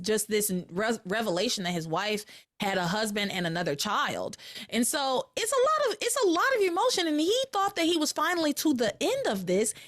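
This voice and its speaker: Lively woman recapping a soap. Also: on the high side. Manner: animated, acts out quotes in character voices. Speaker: podcast host. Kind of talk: casual recap chat.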